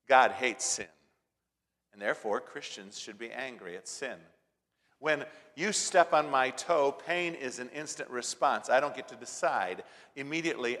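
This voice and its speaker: A man preaching a sermon, telling a story and driving points home with repeated lines, loud stresses and soft asides. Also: mid-range voice. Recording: long hall reverb.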